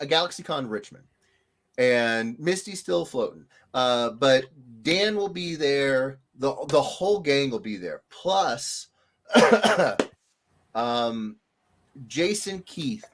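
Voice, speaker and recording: A man hosting a casual livestream, jokey and animated as he greets viewers. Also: on the high side, a little hiss or hum. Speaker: host.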